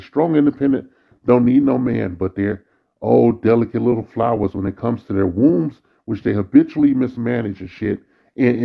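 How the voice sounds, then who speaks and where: A man's voice: mid-range voice, vocal fry, phone-quality sound. A man delivering a bitter, weary, profanity-heavy monologue as a vlogger. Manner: bitter, weary ranting, frequent cursing.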